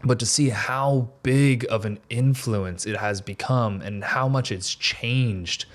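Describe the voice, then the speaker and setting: A young American man co-hosting a podcast, chatting casually and enthusiastically, with quick bursts of opinion. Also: medium pitch. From United States. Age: young adult. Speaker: podcast co-host. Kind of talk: casual chat.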